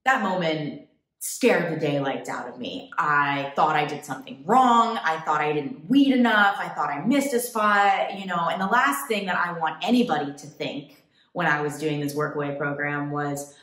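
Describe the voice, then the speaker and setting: A woman from the United States, a travel vlogger, telling a story to camera in a chatty, animated way. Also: low voice, moderate pace, reverberant. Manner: chatty, animated, quotes people in put-on voices.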